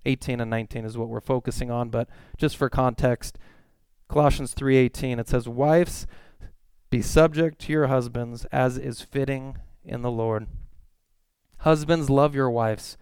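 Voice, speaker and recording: A man's voice: mid-range voice, steady tone, measured pace, darkish tone, smooth, dry recording. A man in his late thirties, a pastor giving a sermon in a conversational, storytelling way. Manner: conversational storytelling with quoted voices.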